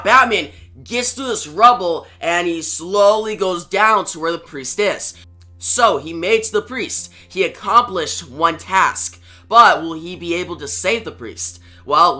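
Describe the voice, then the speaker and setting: A man's voice: a little high, pushed and bright. A man reviewing a comic book on video, retelling the story casually and talking to viewers. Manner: plain retelling with fillers and asides to viewers.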